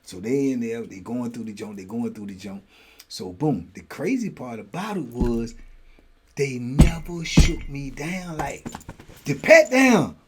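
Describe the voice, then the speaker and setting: A man's voice: medium pitch, measured pace, a little hiss or hum. A middle-aged man and channel host telling a story in a casual way, slipping into voices for the people in it. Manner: animated, slips into voices for the people in his story.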